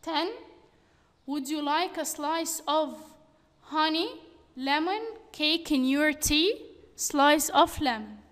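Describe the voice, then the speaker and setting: A woman teacher reads through exercises slowly and carefully, stating each answer. Her voice sits high, and it carries a long echo from the room. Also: fairly bright tone. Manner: slow, deliberate reading of answers. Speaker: English teacher. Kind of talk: reading workbook exercises aloud.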